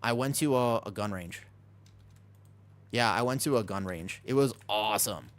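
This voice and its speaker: A man casually chatting with his viewers while streaming a game, excitable and talkative. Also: on the low side, normal speed. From United States. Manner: excitable, chatty, reacts to chat.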